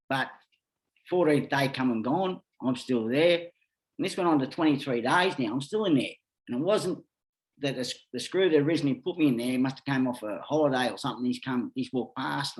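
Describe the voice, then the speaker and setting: A middle-aged Australian man, a podcast guest, telling rambling stories in casual talk and swearing constantly. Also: medium pitch. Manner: lively, rambling anecdotes. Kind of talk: casual storytelling.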